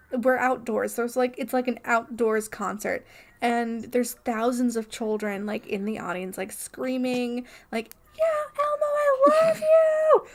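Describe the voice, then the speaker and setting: A woman's voice: fairly high pitch, vocal fry. A young woman co-hosting a podcast, telling a story in a rambling, casual way full of "like" and restarts. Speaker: podcast co-host.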